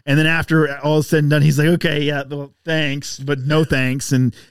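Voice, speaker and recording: A man's voice: on the high side, normal speed, smooth, no room sound, studio quality. A man guest on a podcast, telling a casual story and acting out the other people's voices. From Texas. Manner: animated, acts out voices in anecdotes. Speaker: podcast guest, bike rider.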